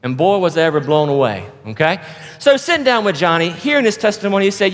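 Animated male pastor in an echoey hall. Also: sits high, quick pace. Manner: animated storyteller, acts out characters. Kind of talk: sermon with storytelling.

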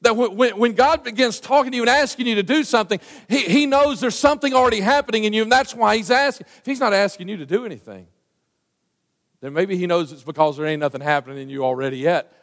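A man's voice: sits high, fast. A man preaching a conversational sermon, with lots of restarts and asides. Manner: animated, conversational preaching with many restarts and fillers. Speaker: pastor. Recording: long reverb of a church hall.

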